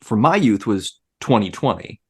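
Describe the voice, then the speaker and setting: A man's voice: lowish voice, animated, normal speed, darkish tone, slightly rough. A man in his forties co-hosting a casual podcast chat, joking and rambling as he explains. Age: 40s. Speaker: podcast co-host.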